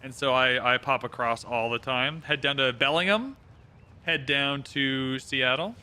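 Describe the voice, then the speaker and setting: A man's voice: mid-range voice, unhurried, sharp tone, smooth. A young Canadian man chatting casually on a livestream, reading out viewer locations and talking through a strategy game. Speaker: streamer. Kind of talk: casual livestream chat while playing.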